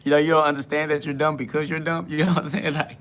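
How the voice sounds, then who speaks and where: A man's voice: fairly high pitch, flat delivery, quick pace, a bit bright, a little hiss or hum. A man hosting a live solo podcast, reading chat questions aloud and answering them bluntly, mocking the askers and laughing often. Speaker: podcast host.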